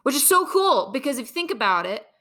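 A young woman hosting a podcast, telling stories in a chatty, animated way. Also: high-pitched, quick pace. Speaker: podcast host. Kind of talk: casual chat.

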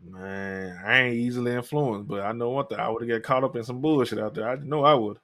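A man with a Southern accent from Memphis, hosting a podcast and telling profane, animated stories in casual chat. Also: mid-range voice, a little fast. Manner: animated storytelling, profane, laughs loudly. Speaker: podcast host.

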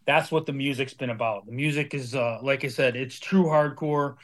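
A man in his fifties speaks as a podcast guest and hammers his points home by repeating key phrases. His voice sits at a middle pitch, and his talk is firm and earnest. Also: fairly even intonation, normal speed. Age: 50s. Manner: emphatic, repeats phrases for force. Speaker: guest, hardcore band member. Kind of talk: casual podcast chat.

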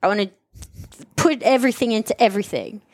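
A woman's voice: on the high side, fast, dry recording, studio quality. Candid woman telling her story. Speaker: gym member telling her recovery story. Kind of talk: casual podcast conversation.

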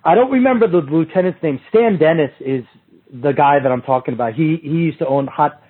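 A middle-aged man with a fairly high, expressive voice and a breathy edge speaks fairly quickly as a podcast guest. He tells long, rambling stories in casual chat, restarting sentences and acting out quoted street talk. The recording comes over a tinny, phone-like remote line.

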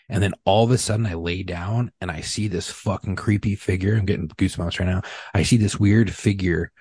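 A man's voice: deep voice, fairly even intonation, a little fast, hardly any pauses, darkish tone, breathy edge, no echo. A middle-aged man telling a rambling, profanity-laced story in casual podcast chat. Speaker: podcast co-host.

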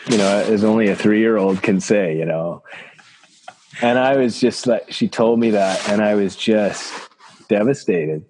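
A man, a chiropractor from Canada, telling personal stories in an interview, halting and reflective with many restarts. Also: lowish voice, darkish tone, slight background noise. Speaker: guest, chiropractor.

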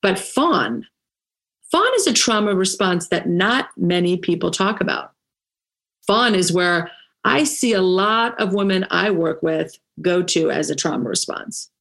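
A woman coach giving a motivational talk, emphatic and punchy, with dramatic pauses and playful asides, leading a breathing exercise. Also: on the low side, expressive, gravelly, fairly bright tone. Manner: leads a guided breathing exercise. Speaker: women's coach.

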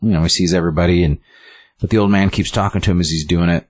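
Casting: low, husky-voiced guy, loose and rambling recap, dry room. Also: steady tone, quick pace, darkish tone, no room sound. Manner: rambling, full of "like" and restarts. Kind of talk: casual recap of a story.

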